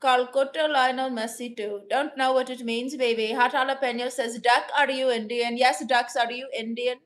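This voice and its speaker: A woman comedian voicing a brash, self-assured customer-service rep who calls everyone baby, in a deadpan improvised livestream. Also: high voice, normal speed, lightly acted.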